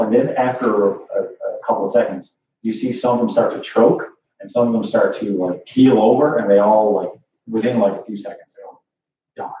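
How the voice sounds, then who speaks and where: A warm, fairly low-pitched man narrates a tabletop game as its dungeon master, casual and rambling, with lots of fillers and "like." A distant, echoey lo-fi room mic picks him up along with a faint hiss.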